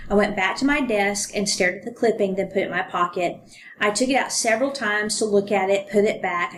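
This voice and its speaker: A woman's voice: medium pitch, slight background noise. A woman co-hosting a podcast, casually retelling a true-crime story and reading passages aloud with ums and fillers. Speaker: podcast co-host.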